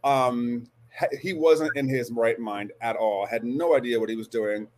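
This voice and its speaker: A man in his forties speaks as a guest in an interview, earnest and halting. He restarts his sentences often and settles into a steady, medium-pitched voice. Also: background noise. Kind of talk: storytelling interview.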